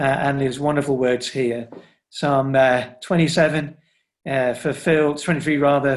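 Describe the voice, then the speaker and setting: A middle-aged man preaching a sermon to his congregation, earnest, often voicing Jesus speaking directly to his listeners. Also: medium pitch. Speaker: pastor.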